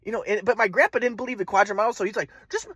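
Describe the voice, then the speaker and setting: A man's voice: high voice, racing, fairly bright tone, slightly rough, dry recording. A man telling a personal story in a rambling, agitated, profane monologue. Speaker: vlogger.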